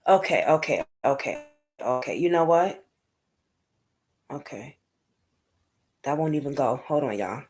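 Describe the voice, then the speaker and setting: A woman's voice: low-pitched, animated, normal speed, a little mellow. A woman hosting a casual livestream at home at night, chatting to her viewers and reacting to their comments as she goes. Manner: chatty, talks straight to viewers and reads out comments. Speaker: livestream host discussing unsolved cases. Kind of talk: casual live-stream chat.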